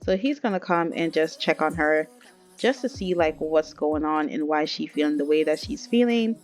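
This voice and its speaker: A woman's voice: deep voice, expressive, moderate pace, soft background music. A woman narrating a life-sim game story in a chatty, casual way, talking straight to viewers.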